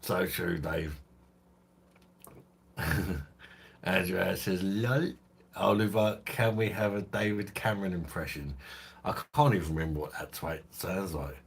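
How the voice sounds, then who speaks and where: Husky deep-voiced London man chatting live. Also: measured pace, pauses often. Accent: London English, softened by years in Kent. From London, England. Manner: sweary, jokey, laughs often, answers chat by name. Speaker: host of a beer review channel livestream. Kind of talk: casual live-stream chat reading viewer comments.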